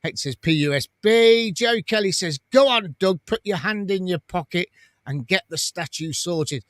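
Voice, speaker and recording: A man's voice: high voice, expressive, moderate pace, a bit bright, no echo. A man hosting a casual live fan stream, reading viewer comments aloud in a chatty way and laughing often. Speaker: fan channel host.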